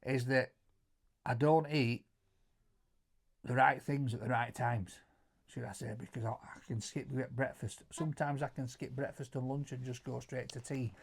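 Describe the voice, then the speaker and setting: A middle-aged man with a Yorkshire accent telling stories in casual chat, animated, stumbling over repeated words and loudly acting out quotes. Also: mid-range voice, moderate pace, slightly rough. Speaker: co-host answering viewer questions.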